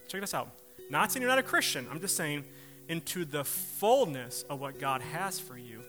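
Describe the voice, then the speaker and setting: A man preaching a sermon, telling a personal story with laughs and acted-out quotes. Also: on the high side. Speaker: pastor.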